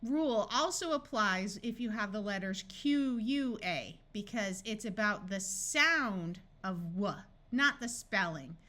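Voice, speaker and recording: A woman narrates a scripted phonics lesson at a very unhurried pace. Her voice is bright and forward, and she pronounces each sample word distinctly with a pause after it. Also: medium pitch, expressive. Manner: slow, clearly enunciated word-by-word reading. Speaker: phonics tutor.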